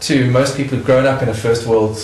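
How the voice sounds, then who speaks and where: A man's voice: medium pitch, fairly quick, reverberant, a little hiss or hum, poor audio. South African man telling stories animatedly. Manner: animated storyteller, laughing often. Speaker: interviewee. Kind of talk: casual interview chat.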